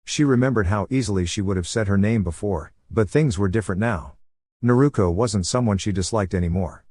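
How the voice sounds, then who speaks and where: A man reading a story aloud as narrator in an even, steady way. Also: fairly low pitch, normal speed, husky, no room sound, clean studio sound. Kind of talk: scripted narration.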